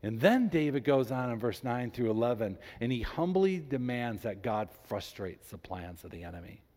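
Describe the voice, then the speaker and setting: A man preaching a sermon as a pastor, reading scripture aloud with emphasis and animated delivery. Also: medium pitch, normal speed. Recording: long reverb in a large hall.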